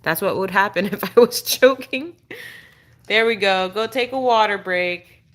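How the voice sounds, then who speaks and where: A woman's voice: medium pitch, measured pace, a bit bright. A woman chatting casually on a live stream at home, coaxing her dog in a sing-song voice between remarks. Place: indoor room at home.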